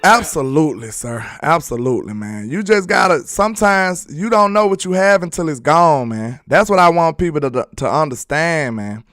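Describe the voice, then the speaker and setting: A man's voice: fairly high pitch, animated, moderate pace, few pauses, fairly bright tone, soft background music. A man hosting a casual sports live stream, reading viewer comments aloud in a loose, slangy, repetitive way and laughing often.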